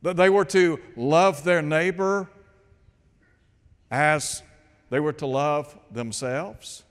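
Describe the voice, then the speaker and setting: Guy preaching a sermon, kinda high voice, slow and careful, lots of questions. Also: in a large hall. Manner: slow, deliberate, rhetorical questions.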